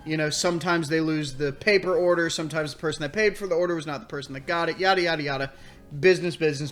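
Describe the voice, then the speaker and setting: A man hosting a let's play, telling a story in casual, animated commentary, exasperated and swearing freely. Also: fairly high pitch.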